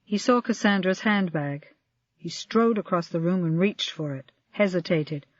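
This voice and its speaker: An audiobook narrator reading a crime novel in an even, measured way. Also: mid-range voice, no echo. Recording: dry, slightly dull lo-fi audio.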